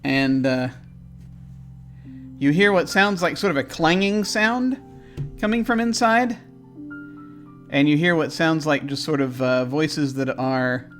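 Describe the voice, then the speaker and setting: A man's voice: fairly high pitch, fairly bright tone. A man narrating a tabletop game as game master, hesitant, with many ums and restarts.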